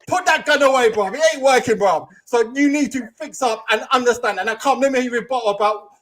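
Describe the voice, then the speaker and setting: A man calling in to a football fan show, mocking the host in rapid slang. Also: extremely high pitch, fairly bright tone. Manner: mocking, rapid slang-heavy trash talk. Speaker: caller. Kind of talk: heated fan phone-in rant.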